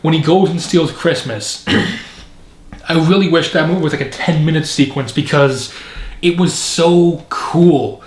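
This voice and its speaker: A man talks through a film review in a loose, rambling way, full of opinions and fillers. His voice sits a bit high for a man. The recording has a noticeably echoey room sound. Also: measured pace. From Canada. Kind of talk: casual video review commentary.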